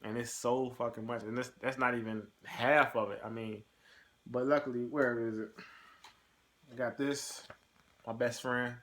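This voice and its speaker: A man's voice: mid-range voice, fairly even intonation, normal speed, fairly bright tone. Young man rambling casually, swearing freely. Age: young adult. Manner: loose and profane, rambling with many fillers. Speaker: recruit in the delayed entry program. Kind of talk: casual video diary answering a question tag. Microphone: camera mic.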